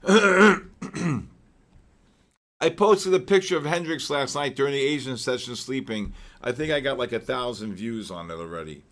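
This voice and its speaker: Man, live trading commentary, rambling, repeats words, clears throat often, exclamatory asides. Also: mid-range voice, expressive, normal speed, fairly bright tone. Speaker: trading show host.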